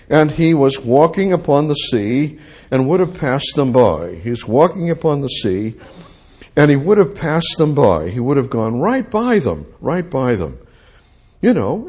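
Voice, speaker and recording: A man preaching a sermon, dropping to a hush and rising to loud cries, repeating phrases for emphasis. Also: fairly high pitch, breathy edge. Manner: lively, swings from hushed to loud, repeats phrases.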